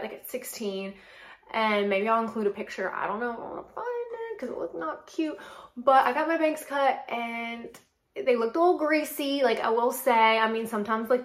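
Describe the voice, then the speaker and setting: A woman in her late twenties from North Carolina, hosting a podcast and telling a story in a chatty, animated way full of "like". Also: fairly high pitch, echoey room. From North Carolina, USA. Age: late 20s. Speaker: podcast host and model. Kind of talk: casual solo chat.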